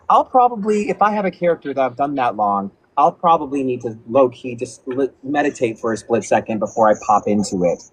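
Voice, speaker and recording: A man who is a voice actor, chatting as a guest in a casual video-call interview, animated and rambling with lots of "like". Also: medium pitch, brisk, husky, poor audio.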